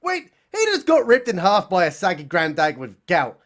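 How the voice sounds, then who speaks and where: Sarcastic man with a bouncy high voice. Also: wildly swooping pitch, moderate pace, fairly bright tone. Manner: sarcastic, mocking. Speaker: comedy reviewer. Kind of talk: satirical recap narration.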